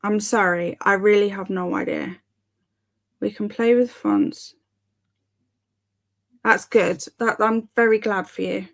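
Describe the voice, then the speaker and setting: A woman's voice: mid-range voice, fairly even intonation, takes it slowly, creaky, long pauses. A young woman hosting a live stream, chatting casually and reading viewer comments aloud in a giggly, bemused way. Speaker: livestream host.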